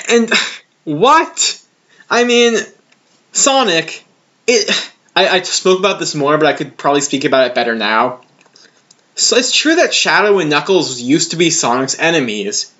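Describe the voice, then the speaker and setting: A young man with a high, bright voice rants about a comic in casual commentary, his pitch swinging widely. He sounds exasperated and sarcastic, and the recording is dull and lo-fi. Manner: exasperated, sarcastic, laughs often.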